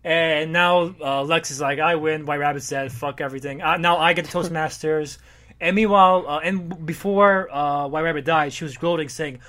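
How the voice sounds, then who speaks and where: A man's voice: fairly high pitch, steady tone, moderate pace, pushed and bright. A man in casual chat recapping a comic, rambling, swearing, and briefly acting out the characters. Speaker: podcast co-host recapping comics.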